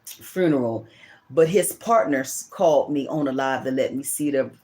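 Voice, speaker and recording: A woman's voice: a bass voice, moderate pace, a little mellow. A middle-aged woman and channel host telling a personal story in a rambling, emotional way, often repeating herself. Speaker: tarot reader and channel host.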